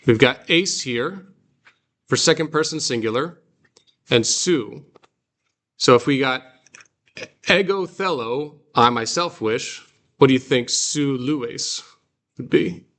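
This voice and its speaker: A man teaching a guided reading class, explaining slowly and patiently with fillers and restarts. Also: medium pitch, lively intonation, a bit bright. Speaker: Greek teacher.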